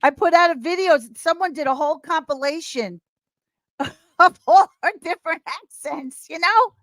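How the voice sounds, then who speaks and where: A woman as a podcast guest in casual chat, talking in an animated, rambling way and laughing often. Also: extremely high pitch, normal speed, no room sound.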